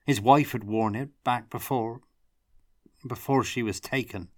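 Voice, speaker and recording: A man reading aloud, voicing a gruff, secretive halfling cook telling a grave story. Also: mid-range voice, steady tone, a little slow, no room sound, clean studio sound, voice pushed up, lightly acted.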